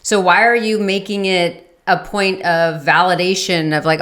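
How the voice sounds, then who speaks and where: A woman's voice: on the low side, fairly even intonation, moderate pace, hardly any pauses, fairly bright tone. Young woman podcast host, slangy. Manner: casual, uses slang like "dude". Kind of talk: casual podcast conversation.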